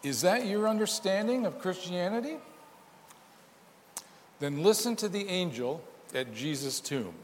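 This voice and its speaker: Lively-voiced man preaching in a reverberant hall. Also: high voice, unhurried, pauses often, a little hiss or hum. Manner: emphatic, asks rhetorical questions. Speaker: pastor. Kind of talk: sermon.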